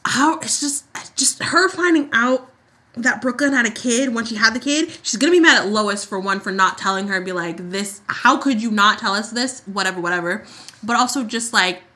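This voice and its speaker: A woman's voice: a little high, moderate pace. A woman co-hosting a podcast, ranting in casual chat about a soap opera and acting out lines from the scenes. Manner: animated ranting with acted-out quotes. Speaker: podcast co-host.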